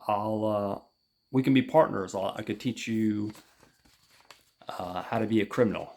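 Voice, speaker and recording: Man playing a straight-laced suit-and-tie man in his fifties, boastful and a little loud, low gravelly voice. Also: measured pace.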